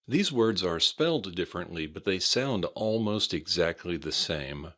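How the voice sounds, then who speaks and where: A man with an American accent runs slow, careful English pronunciation drills, repeating words deliberately and spelling them letter by letter. His voice is deep and a bit bright, and he speaks in an animated, unhurried way with few pauses.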